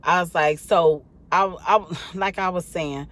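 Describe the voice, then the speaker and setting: A woman's voice: on the low side, fairly even intonation, unhurried, a bit bright. Sleepy, rambling woman vlogger. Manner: rambling, chatty, many fillers. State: tired and sleepy. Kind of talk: casual talk to camera.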